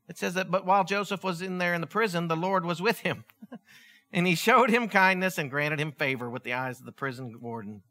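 A man preaching a sermon, retelling a story with lively asides and acted-out voices. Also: sits high. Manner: animated storytelling, acting out voices, chuckling asides.

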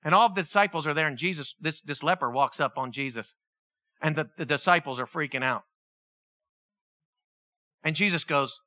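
Animated, bright-voiced preacher. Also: mid-range voice, normal speed, pauses often, no room sound, clean studio sound. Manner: storytelling, acts out the people in the story; asks the listeners many questions. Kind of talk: sermon.

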